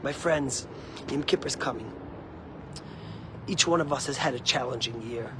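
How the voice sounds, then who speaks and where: A man's voice: mid-range voice, moderate pace, background noise. A male rabbi telling a story in a sermon, delivering it in an impassioned, rhythmic and emphatic way.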